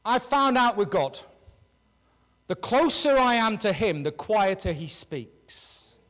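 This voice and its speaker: A male pastor preaching a sermon to his congregation, animated, swinging between loud calls and hushed words. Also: sits high, slow, in a large hall, poor audio. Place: church hall with a congregation.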